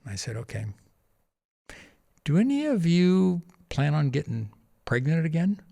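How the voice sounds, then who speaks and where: A man being interviewed on a podcast, telling a lively anecdote and acting out the other people's lines with frequent laughter. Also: fairly high pitch, unhurried, creaky. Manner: animated anecdote-telling, acting out quoted voices, laughs often. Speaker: podcast guest, charity founder. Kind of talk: casual storytelling interview.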